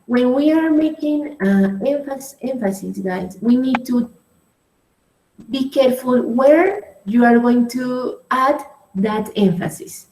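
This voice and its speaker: An English teacher gives an online class explanation in an echoey room with faint noise. Her voice is high-pitched and darkish, and she speaks slowly. Patient throughout, she explains step by step, often adding "right?" and "okay?"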